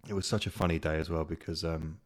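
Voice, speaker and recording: A man's voice: extremely low pitch, steady tone, quick pace. A young man hosting a casual solo podcast, chatty and rambling, swearing freely. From Kent, England. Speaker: podcast host. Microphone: podcast microphone.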